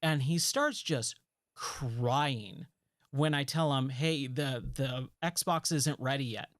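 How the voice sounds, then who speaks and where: A man's voice: medium pitch, slow, no echo. Rambling man telling a story, dry sound. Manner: rambling, relaxed, lots of "like" and "you know". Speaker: gaming streamer. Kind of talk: casual storytelling while playing.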